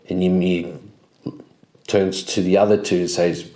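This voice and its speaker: A man's voice: deep voice, flat delivery, warm tone. A man narrating a solo tabletop role-playing game as game master, in a loose storytelling manner. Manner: slow, loose storytelling with restarts. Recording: roomy echo.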